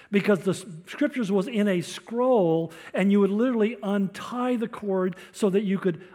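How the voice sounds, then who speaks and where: A man's voice: sits high, dark tone. An older man preaching a sermon, explaining scripture in a teaching tone with storytelling asides. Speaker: pastor.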